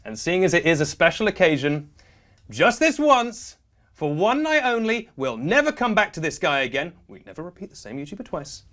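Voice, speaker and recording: A man hosting a comic news show, delivering sarcastic, deadpan jokes. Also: a little high, normal speed. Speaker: host.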